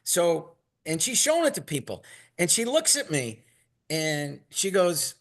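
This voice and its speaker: A man telling a long, rambling story in a casual, animated way and acting out what others said. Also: a little high, a little slow. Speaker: product maker telling stories as a guest.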